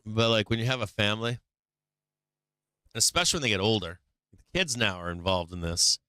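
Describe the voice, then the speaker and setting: Brisk and lowish, this middle-aged man's voice comes across pushed and bright yet smooth, with no echo. He's running a stock market livestream and rambles casually, swearing a lot and leaning heavily on "like."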